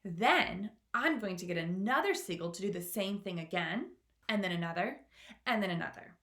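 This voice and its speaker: A woman reading the lines of a young boy who speaks firmly and calmly, in an echoey room. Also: mid-range voice, normal speed. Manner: firm, calm, explaining. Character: brave determined young boy.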